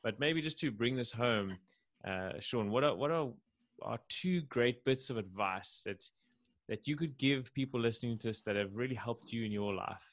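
A man's voice: mid-range voice, a bit bright, no echo. A man hosting a podcast interview, thanking his guest and searching for words before asking a question. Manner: appreciative, halting, searching for words. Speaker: podcast host. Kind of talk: interview conversation.

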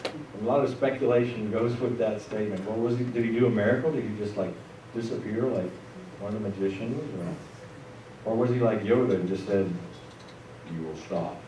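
A pastor preaches a sermon in a church sanctuary, speaking conversationally and making asides to the congregation. His lowish voice is steady and brisk, captured from a distance in an echoey room with faint noise.

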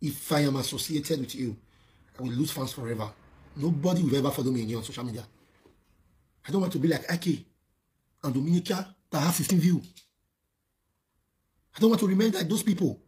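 A man's voice: fairly high pitch, animated, fairly quick, long pauses, dark tone. A man with a Nigerian accent, a social media personality, ranting scornfully on a live video with rhetorical questions. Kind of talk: heated live-video rant.

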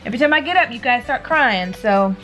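A young woman vlogging as a mother of twins, gushing in excited baby talk. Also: fairly high pitch, fairly quick, faint music behind. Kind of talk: casual vlog talking to camera and babies.

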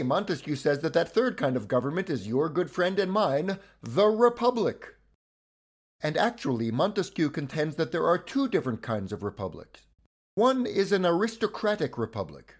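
A man narrates a scripted history lesson in a fairly high voice. His tone is husky and a little breathy. He drops in wry, conversational asides.

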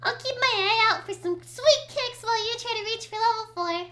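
Young woman, let's-play commentary, gushing, very high pitch, bright voice. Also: fairly quick. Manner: bubbly, gushing, giggly. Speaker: gaming video creator.

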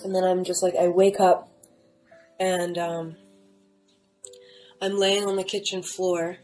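A young woman tells her story in a loose, rambling way, stumbling over fillers and restarts. Her voice sits a little low and sounds soft and warm. Quiet guitar music plays faintly behind her. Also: level tone, takes it slowly, low-quality recording. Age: young adult. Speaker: storyteller sharing a near-death experience. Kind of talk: casual first-person testimony. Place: at home.

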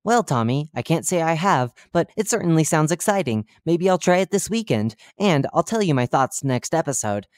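Narrator playing a male radio talk-show host, cheerful, oblivious, chatty, deadpan dark jokes, dry close sound, mid-pitched. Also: normal speed, few pauses, no room sound, close to an everyday voice. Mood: chipper. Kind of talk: horror fiction reading.

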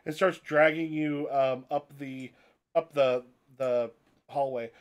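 A man running a tabletop heist game as game master, narrating in a halting way with many restarts and swearing when surprised. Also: a little high, steady tone, fairly bright tone.

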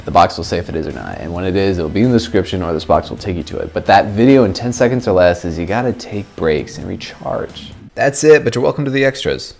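A man's voice: low voice, sing-song, fast talker, creaky, hardly any pauses, darkish tone. Playful young man vlogging over music. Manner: playful, jokey, self-mocking. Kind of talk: casual self-help vlog with bloopers. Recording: music playing underneath.

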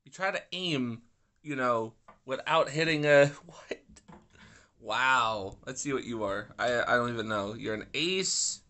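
Grumpy, animated man ranting over a game. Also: medium pitch, a little slow. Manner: grumpy, swearing, rambling asides. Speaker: gaming YouTuber. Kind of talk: casual gameplay commentary.

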